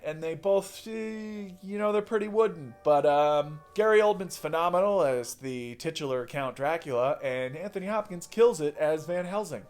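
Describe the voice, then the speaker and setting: A man's voice: fairly high pitch, expressive, normal speed, few pauses, darkish tone, faint music behind. A man casually reviewing horror movies, rambling, swearing and correcting himself as he goes. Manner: rambling, profane, self-correcting.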